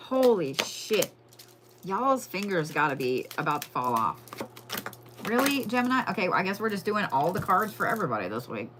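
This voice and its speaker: A woman's voice: on the low side, big pitch swings, moderate pace, noisy background. A woman giving a casual, profane live crystal and zodiac reading, chatting to viewers as y'all. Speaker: livestream tarot and crystal reader.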